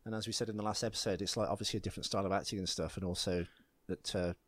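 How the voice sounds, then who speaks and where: A man's voice: low-pitched, fairly even intonation, racing, no room sound. A man co-hosting a casual film podcast, asking curious questions and teasing his co-host.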